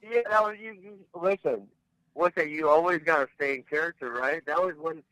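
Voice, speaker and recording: A man's voice: on the high side, normal speed, a bit bright, dry recording, rough recording. A man talking bluntly as a podcast guest, rambling and restarting his sentences in casual chat. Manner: blunt, rambling, repeats words when starting.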